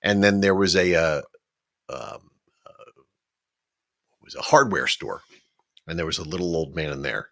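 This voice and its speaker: Casual podcast co-host, middle-aged man, very low voice, rambling storyteller. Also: a little slow, pauses often, bright, forceful tone. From Philadelphia. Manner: rambling, laughing storyteller with frequent restarts.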